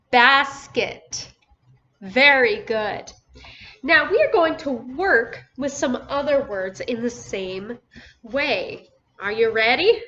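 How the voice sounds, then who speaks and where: A woman teaching phonics to young children, speaking slowly and patiently and stretching out each syllable. Her voice sits a little high and sounds bright. The recording is dull and lo-fi. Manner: slow, patient, drawn-out words with encouraging praise. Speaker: first grade teacher.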